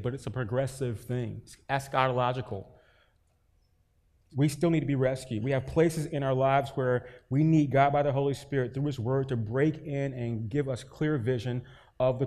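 A man's voice: mid-range voice, darkish tone, in a large hall. Male pastor, mid-range voice, conversational sermon with emphatic swells. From North Carolina, US. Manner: conversational preaching with rising emphasis and folksy stories.

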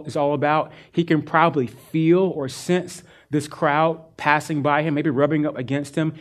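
A male pastor delivering a sermon, his voice sitting a bit high for a man. He tells the scripture story earnestly and with animation, pressing his points to the congregation.

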